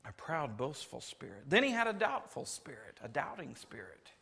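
Bright-voiced, animated male preacher. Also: moderate pace, vocal fry, breathy edge. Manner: animated storytelling with big swings in pitch and volume. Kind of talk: sermon.

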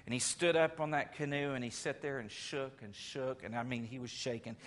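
A man preaching a sermon in lively storytelling fashion, swinging his pitch and volume as he retells scenes. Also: a little fast.

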